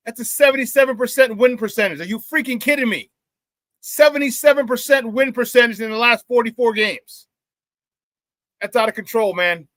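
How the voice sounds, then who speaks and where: Man hosting sports talk, high-pitched, fired-up and loud, slangy banter, dry close sound. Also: no room sound. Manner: casual, slangy banter with frequent laughter. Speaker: sports talk show host. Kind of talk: live sports talk show, reading chat shout-outs.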